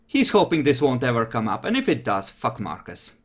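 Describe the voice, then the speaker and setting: A man's voice: mid-range voice, wildly swooping pitch, a little fast. A man running a tabletop game as game master, narrating scenes in a casual, offhand way and swearing freely.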